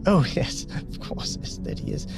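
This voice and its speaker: A man voicing a doting elderly mother in a high, breathless, gushing voice. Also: moderate pace, over music, close to an everyday voice.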